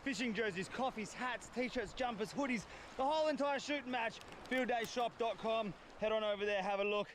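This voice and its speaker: A man's voice: very high-pitched, a little fast, hardly any pauses, a little hiss or hum. A young Australian man talking to camera on a beach during a fishing trip, chatty and slangy, with background music. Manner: chatty, slangy, swears at himself. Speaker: fishing vlogger. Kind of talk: casual vlog to camera. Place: outdoors on a beach.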